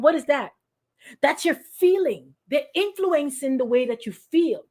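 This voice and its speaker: A woman's voice: high voice, animated, a little slow, a little mellow. A middle-aged woman pastor preaching informally, calling on listeners by name and acting out quoted voices. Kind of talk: informal sermon to an online congregation.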